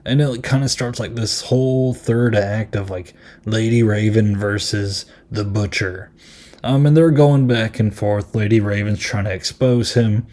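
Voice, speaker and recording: A man's voice: on the low side, unhurried, darkish tone. A man hosting a podcast and reviewing a film in casual chat, rambling and amused, with lots of ums and likes.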